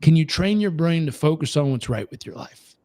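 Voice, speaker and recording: A man's voice: fairly high pitch, expressive, a little fast, darkish tone, dry recording. A man giving a motivational talk as a performance coach, emphatic and full of rhetorical questions.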